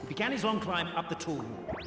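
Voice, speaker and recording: A theatrical male minion villain in a game, boastful and sly, with a high and wildly swinging voice. He sounds like he's in a big echoey hall. Loud music plays under him. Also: big pitch swings, fast. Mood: flustered. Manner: gloating, theatrical, stumbles over words. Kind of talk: game voice acting.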